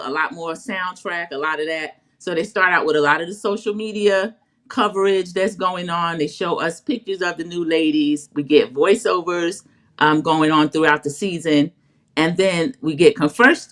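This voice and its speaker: A woman with a slightly low voice tells an episode recap in a casual, chatty way. She is opinionated and easygoing as she lays out the scenes one after another. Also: fairly bright tone. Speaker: co-host recapping a reality show.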